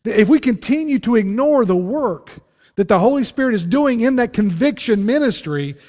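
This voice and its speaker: A man preaching as pastor, earnest, often dropping low and quiet to press a point. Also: expressive, moderate pace, long reverb tail. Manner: earnest preaching, voice drops low and soft on key phrases. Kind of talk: sermon.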